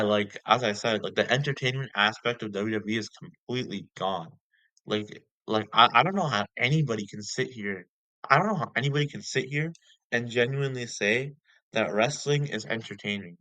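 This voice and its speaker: A young man ranting casually as a vlogger, repeating himself and filling every pause with "like" and "you know". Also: fairly low pitch, pushed and bright, no echo, poor audio. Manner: ranting, heavy filler words, repeats himself. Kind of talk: casual rant.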